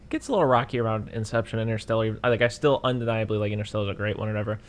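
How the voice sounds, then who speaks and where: A man's voice: on the low side, very fast. A young man in easygoing podcast conversation. He talks about films candidly and laughs along with his co-host. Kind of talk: casual chat.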